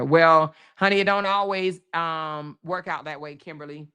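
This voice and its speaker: A woman hosts a livestream and vents straight at her chat in a casual rant. She swears freely and calls out viewers by name. Her voice stays smooth and resonant under all the heat. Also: deep voice, steady tone, measured pace, few pauses, bright, forceful tone. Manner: heated and profane, addressing viewers directly. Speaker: livestream host.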